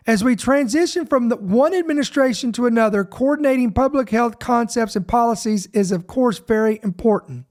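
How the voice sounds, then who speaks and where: A Georgia man hosting a podcast reads news headlines aloud in a very high voice with a darkish tone. He speaks emphatically, slowing down to stress certain words, and often repeats himself or interrupts himself mid-sentence.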